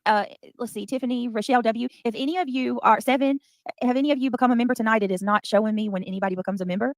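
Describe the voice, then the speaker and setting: A woman's voice: fairly high pitch, fairly even intonation, rapid-fire, dry recording. A woman hosting a livestream, reading comments and chatting in a bubbly, giggly way. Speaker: livestream host. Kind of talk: casual livestream chat.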